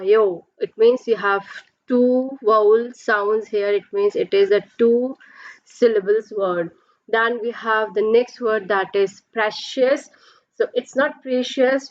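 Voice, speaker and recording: A woman's voice: fairly high pitch, no room sound, dull audio. Patient woman teaching a pronunciation lesson. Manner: patient, explains step by step with drawn-out examples.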